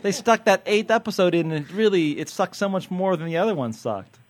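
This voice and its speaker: A man's voice: sits high, animated, slight background noise. A man hosting a podcast as a TV critic, chatting in a joking, rambling way and teasing his guests. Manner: jokey, rambling, quick to tease. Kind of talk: casual podcast chat.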